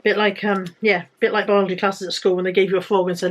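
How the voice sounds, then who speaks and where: A woman's voice: medium pitch, little pitch movement, fast. A British woman vlogging casually about items she bought to resell, chatty and rambling with self-corrections. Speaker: resale vlogger. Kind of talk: casual haul vlog.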